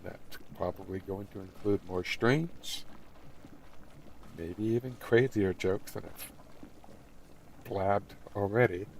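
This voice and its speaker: Brief: middle-aged male streamer, low, heavily gravelly voice, crude rambling chat, faint noise behind. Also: takes it slowly, long pauses. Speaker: game streamer.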